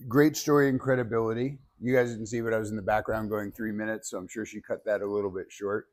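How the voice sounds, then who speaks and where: A man leading a public speaking workshop, giving feedback and demonstrating techniques in an animated way. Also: lowish voice, fast.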